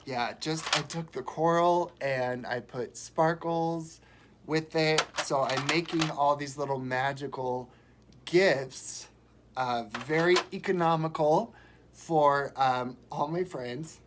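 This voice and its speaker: A man chatting and rambling warmly on a live stream from home while sick, showing gifts and telling stories. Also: fairly high pitch, slow, noisy background. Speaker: vlogger. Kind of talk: casual live-stream chat.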